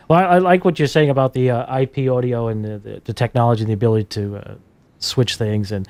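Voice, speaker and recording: A man hosts a talk interview at a brisk pace, rattling off anecdotes and questions with quick restarts. His voice is mid-pitched. The sound is dry and close, with little room echo. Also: a little mellow. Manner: quick, conversational, with frequent restarts. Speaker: host. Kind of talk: casual interview chat.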